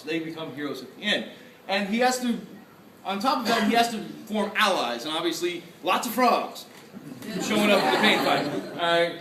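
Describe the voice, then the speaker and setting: Excitable male panel speaker, high bright voice, heard from afar in a roomy hall. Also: slight background noise. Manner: excitable, laughs often, acts out reactions. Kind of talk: lively convention lecture. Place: convention panel room. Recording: echoey room, from far off.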